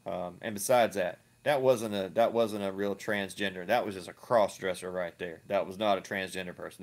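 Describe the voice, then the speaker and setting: A man's voice: sits low, vocal fry. A man giving ranting reaction commentary, crude, profane and mocking, often repeating himself. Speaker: online video commentator.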